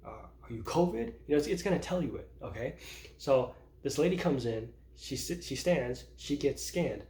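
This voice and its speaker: A man's voice: mid-range voice, animated, moderate pace, darkish tone. A man in his thirties talking casually about his own life in a vlog, rambling with many restarts and laughing at himself. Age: 30s. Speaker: vlogger. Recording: roomy echo.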